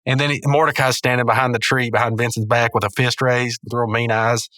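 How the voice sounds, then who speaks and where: Male podcast host, rambling casual recap, bright tone, dry close mic. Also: mid-range voice, level tone, a little fast, no room sound. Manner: rambling, self-correcting, chuckling.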